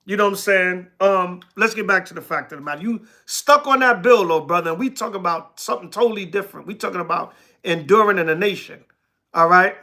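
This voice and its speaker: High, bright-voiced preacher answering his chat. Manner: reads scripture slowly, then talks back to commenters in blunt, repetitive bursts. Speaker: elder teaching scripture on a livestream. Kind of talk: sermon mixed with casual replies to live chat.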